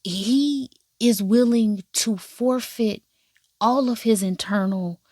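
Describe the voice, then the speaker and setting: A woman giving casual drama commentary in an animated, profane, sassy way. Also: on the high side, takes it slowly, dry recording, studio quality. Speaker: drama reviewer. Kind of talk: casual watch-along commentary.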